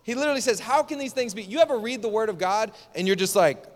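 High-voiced animated pastor preaching. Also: male voice, quick pace, in a large hall. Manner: animated storytelling, congregation call-and-response. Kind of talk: sermon.

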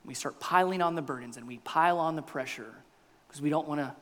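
A man preaching a sermon as pastor, animated, acting out the crowd and Jesus in quoted voices. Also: a little high, a little fast. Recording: long hall reverb.

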